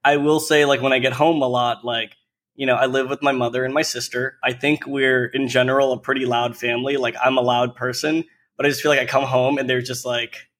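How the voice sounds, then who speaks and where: A man in relaxed conversation who circles his point with constant fillers. He talks candidly and drops a curse when something frustrates him. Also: medium pitch, fairly quick. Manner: loose, filler-heavy storytelling with frequent "like"; candid and profane when exasperated. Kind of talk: casual chat.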